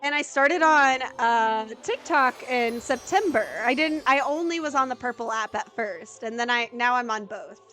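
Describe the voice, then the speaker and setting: A woman streamer chatting casually while she plays a game. She bursts into excited squeals, then drops to a flat, deadpan voice. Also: moderate pace, few pauses, soft background music. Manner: excitable, jumps into high-pitched exclamations, then goes flat and deadpan. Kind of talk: casual live gameplay commentary.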